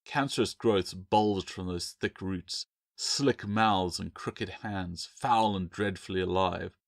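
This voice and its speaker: A man, the author, narrating his fantasy novel aloud in a measured, dramatic manner. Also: deep voice, creaky, no echo, clean studio sound. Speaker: author reading own book. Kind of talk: audiobook narration.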